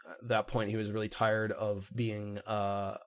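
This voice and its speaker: Slow-talking man rambling through character backstories. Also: on the low side, little pitch movement. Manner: rambling, hesitant, full of ums. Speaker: player. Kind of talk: casual tabletop game chat.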